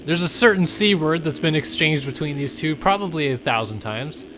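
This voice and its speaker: A man's voice: fairly high pitch, lively intonation, moderate pace, noisy background. A man giving casual, teasing color commentary on a motocross race, laughing often. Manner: jokey, giggly, teasing.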